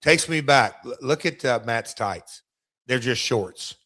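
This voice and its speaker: A man's voice: mid-range voice, lively intonation, measured pace, bright, forceful tone. Middle-aged guy co-hosting a podcast, chatty and rambly, keeps restarting lines. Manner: rambling storyteller, restarts sentences. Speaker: co-host and former wrestler. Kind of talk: casual podcast chat.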